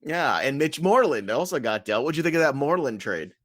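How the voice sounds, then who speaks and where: A man's voice: fairly high pitch, a little fast, dry recording. Joking man on a dry podcast mic. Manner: joking, animated, laughs often. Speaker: podcast co-host. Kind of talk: casual sports podcast chat.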